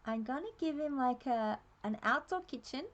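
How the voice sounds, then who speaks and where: An Australian woman streaming a game, chatting and thinking aloud in a relaxed, laughing way. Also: high-pitched, moderate pace, muffled recording. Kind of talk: casual live-stream commentary.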